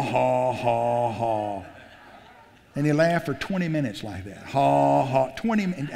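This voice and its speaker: A man's voice: mid-range voice, darkish tone. A man preaching a sermon as pastor, telling stories in a folksy way and building to fervent exclamations. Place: church sanctuary. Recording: long church-hall reverb.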